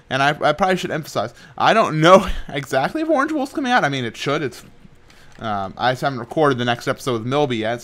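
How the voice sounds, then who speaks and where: Young male gaming host, loose chatty commentary, giggly and rambling, mid-pitched voice, home desk mic. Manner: rambling and playful, often laughing, trailing off quietly. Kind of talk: casual Minecraft commentary.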